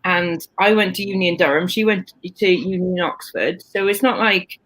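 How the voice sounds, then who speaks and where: A woman's voice: on the low side, moderate pace, a bit bright, poor audio. A Welsh woman from Wales hosting a casual livestream chat on a video call, rambling with lots of fillers. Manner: chatty, rambling, frequent fillers. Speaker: livestream host.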